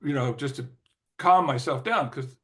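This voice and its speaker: An older man, a former record executive, telling stories as an interview guest in a loose, rambling way, with lots of "you know" and throat clearing. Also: mid-range voice, normal speed, a bit bright. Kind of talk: casual anecdotal storytelling.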